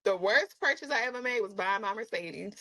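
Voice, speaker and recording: A woman being interviewed as an influencer, chatting casually and telling animated stories, often slipping into playful voices and laughing. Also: medium pitch, a little fast, low-quality recording.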